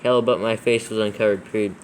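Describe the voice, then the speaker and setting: A man's voice: lowish voice, steady tone, rapid-fire, a little hiss or hum, low-quality recording. A man reading scripture aloud for proofreading, steadily spelling out every punctuation mark and capital letter. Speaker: scripture reader in a proofreading session. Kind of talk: dictating text aloud with punctuation.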